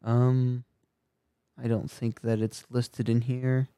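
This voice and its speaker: A man's voice: mid-range voice, flat delivery, takes it slowly, warm tone, smooth, no echo, studio quality. A man giving an earnest, argumentative opinion monologue at home, thinking aloud as he goes. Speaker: commentator. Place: room at home with a bookshelf.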